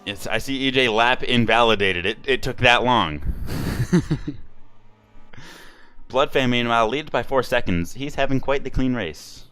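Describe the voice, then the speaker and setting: A man doing live sim racing commentary, with jokey, quick play-by-play and frequent laughs. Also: mid-range voice, bright, forceful tone, smooth, dry recording. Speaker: race commentator.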